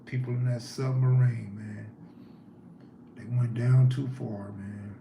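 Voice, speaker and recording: A man runs a casual livestream, talking loosely and reacting to viewer comments in a slow, creaky, medium-pitched voice with fairly even intonation. The audio sounds dull, and the room is echoey with faint background noise.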